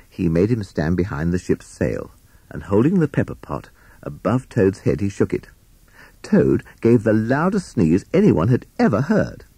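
Husky man reading a children's storybook. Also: fairly low pitch, no echo. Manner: expressive, animated storytelling. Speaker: narrator.

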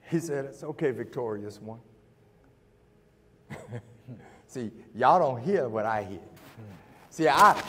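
A middle-aged man preaching a sermon, telling a story and acting out the dialogue before building to shouts. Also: on the high side. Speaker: pastor. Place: church sanctuary. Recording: church hall with long reverb.

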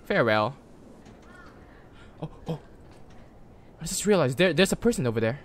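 Excitable high-voiced male gamer. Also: moderate pace, slight background noise. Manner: excitable, talks to game characters, sudden shouts; jokey, mock-sarcastic. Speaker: gameplay video creator. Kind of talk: casual gameplay commentary.

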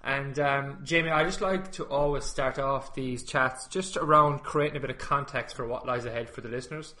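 A man's voice: medium pitch, steady tone, moderate pace, bright, forceful tone. A man hosting a podcast, introducing his guest in a chatty, loose way with restarts and fillers. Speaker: podcast host. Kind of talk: casual interview intro. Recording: roomy echo with faint music, slightly dull.

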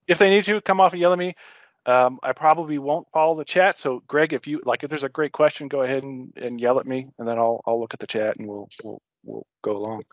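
A man's voice: medium pitch, fairly even intonation, fast talker, dry recording, highs cut off. A man giving a casual technical talk to a user group over a video call, rambling and self-interrupting with frequent jokes.

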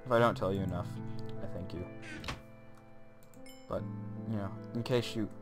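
A young man with a lowish voice chatters over a video game, joking at his own expense and talking straight to his viewers. He rambles from one aside to the next, and his voice leaps way up when something excites him. Faint music plays behind him. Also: moderate pace. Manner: goofy, self-mocking, talks to viewers, voice jumps up when excited. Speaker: gaming channel host.

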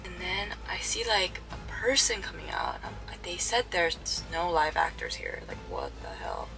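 A woman's voice: on the low side, wildly swooping pitch, normal speed, vocal fry, few pauses, over music, poor audio. A young adult woman vlogging, telling a story casually and animatedly, sometimes dropping to a whisper for suspense.

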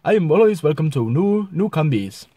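A man's voice: on the high side, very animated, moderate pace, warm tone, no room sound. A man voicing a welcoming Welshman in a put-on Welsh accent, sing-song and stumbling over his words.

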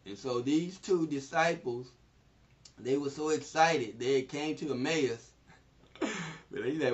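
A man's voice: medium pitch, slow pace, pauses often. A man teaching through a scripture passage in an informal way, laughing often and retelling the verses in everyday speech. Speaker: Bible teacher. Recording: distant mic, dull lo-fi sound.

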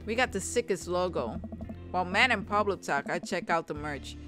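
A woman's voice: lowish voice, expressive, normal speed, over music. Chatty young woman reading a game aloud. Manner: chatty, reacts with laughs and exclamations. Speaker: let's play gamer. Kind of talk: casual game commentary, reading dialogue aloud.

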